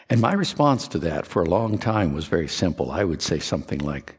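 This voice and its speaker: A man from Kentucky preaching a sermon, telling a personal story in an earnest, confessional way with soft asides. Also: deep voice, expressive, fast talker, hardly any pauses, slightly rough, in a large hall. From Kentucky, USA.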